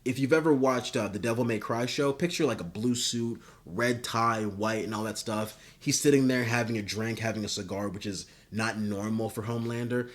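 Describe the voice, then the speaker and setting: A man pitching a story idea in casual, rambling talk, swearing and filling gaps with "uh" and "like". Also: moderate pace, hardly any pauses. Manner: rambling and profane, with many fillers. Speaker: video creator.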